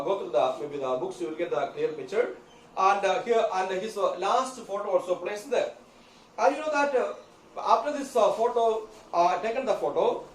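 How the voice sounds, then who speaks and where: A man with a high voice teaches a class in a slow, halting way, full of pauses and filler words. He is recorded from a distance in an echoey room, with faint room sound behind him. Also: a little hiss or hum. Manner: halting, many fillers and okays. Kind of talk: classroom lecture. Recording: echoey room, mic far off.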